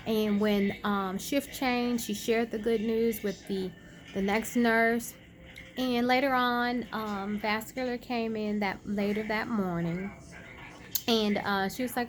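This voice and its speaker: A woman vlogger casually retelling a personal story, chatty and animated, acting out quoted dialogue. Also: fairly high pitch. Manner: many fillers and restarts.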